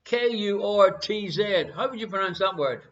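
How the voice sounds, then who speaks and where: A man with an Irish accent hosting a live online quiz, playful and repeating each question slowly. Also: high voice, animated, fairly bright tone, muffled recording. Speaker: quiz host.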